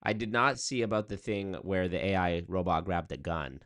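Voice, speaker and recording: A man's voice: low-pitched, moderate pace, few pauses, a bit bright. A young man chatting loosely with his viewers on a stream, rambling and swearing. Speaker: streamer reacting to chat. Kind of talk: casual livestream chat.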